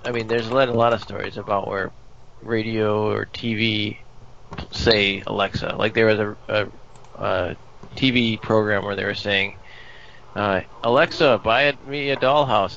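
A man's voice: fairly low pitch, steady tone, normal speed, gravelly, a bit bright. A man in a casual podcast chat, telling an anecdote and chuckling along. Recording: dull lo-fi sound with faint hiss.

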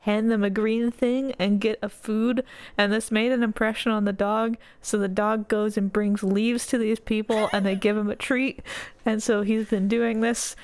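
A woman's voice: medium pitch, flat delivery, moderate pace, darkish tone, a little hiss or hum. A woman hosting a casual comedic podcast, retelling a folktale and laughing often. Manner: summarizing a story, laughs often.

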